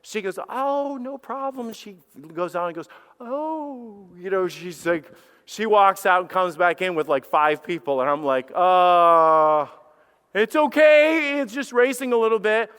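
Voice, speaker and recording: A middle-aged man preaching a sermon, telling a personal story with animated restarts and acted-out quotes. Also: high-pitched, moderate pace, smooth. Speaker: pastor. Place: church sanctuary. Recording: reverberant church hall.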